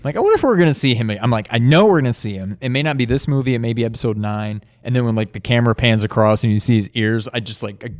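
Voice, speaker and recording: A man's voice: medium pitch, racing, hardly any pauses, no room sound. A man co-hosting a podcast, musing in an easygoing, reflective way in casual chat. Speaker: video game podcast co-host.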